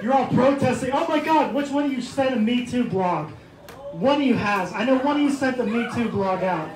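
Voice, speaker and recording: A male stand-up comedian on a club stage, mocking and combative, shouting insults at hecklers. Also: extremely high pitch, expressive, brisk. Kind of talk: stand-up set turning into shouting match. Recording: echoey club with crowd noise.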